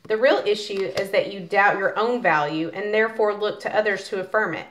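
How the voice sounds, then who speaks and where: A woman doing a casual tarot reading in a mid-pitched voice. She chats directly to her viewers and reads passages from a guidebook aloud. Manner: chatty, talks directly to viewers. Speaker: tarot card reader.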